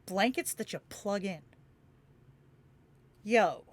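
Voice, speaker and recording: A woman's voice: medium pitch, lively intonation, takes it slowly, no echo. A woman from Phoenix hosting a livestream, chatting casually with viewers, laughing often and swearing freely. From Phoenix, Arizona, USA. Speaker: livestream host. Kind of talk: casual chat with live viewers.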